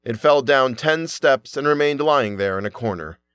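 A man narrating a fairy tale in an animated storybook reading. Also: medium pitch, moderate pace, clean tone, no room sound, clean studio sound.

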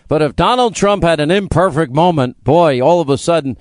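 A man's voice: fairly high pitch, lively intonation, no echo, clean studio sound. Combative man hosting talk radio. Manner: combative, rapid-fire, emphatic. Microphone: studio microphone.

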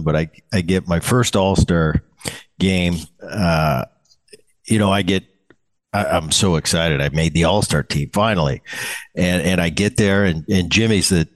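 A man in his fifties with a low-pitched voice hosts a casual podcast chat. He tells old playing stories in a loose, rambling way. He repeats himself and leans on fillers as he talks. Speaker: podcast host, former ballplayer.

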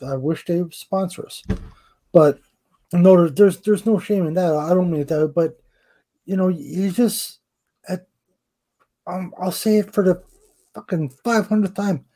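A man's voice: high voice, measured pace, long pauses, dark tone. A middle-aged man co-hosting a casual wrestling podcast, blunt and emphatic, swearing freely. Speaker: podcast co-host.

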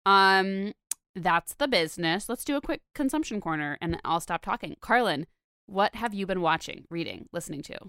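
A young woman hosts a casual podcast in a dry, close-miked space, her voice smooth and clear. She talks in a chatty, rambling way, full of fillers and little laughs. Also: mid-range voice, animated, normal speed, a bit bright, dry recording. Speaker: podcast host.

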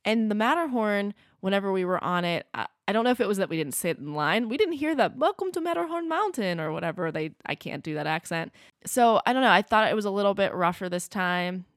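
A woman co-hosting a podcast in casual chat, animated and self-deprecating. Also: lowish voice, a little fast, no room sound, clean studio sound. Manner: animated and self-deprecating, laughs between phrases. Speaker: podcast co-host.

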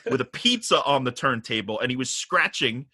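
A middle-aged man tells a story on a podcast, his voice bright and forceful. He swears freely and gets worked up as he talks. The sound is close and dry. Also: medium pitch, fairly quick, no echo. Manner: animated, profane, gets riled up. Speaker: guest telling a story.

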